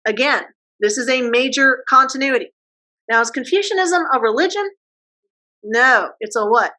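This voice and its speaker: A woman history teacher giving a casual classroom lecture, posing quick questions and using slang. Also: fairly high pitch, sharp tone, poor audio.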